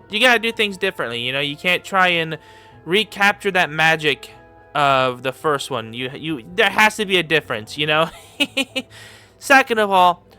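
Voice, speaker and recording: Man, casual reaction commentary, rambling, filler-heavy, bright, smooth voice, a little higher pitch. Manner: gets excited and laughs easily. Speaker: YouTube commentator.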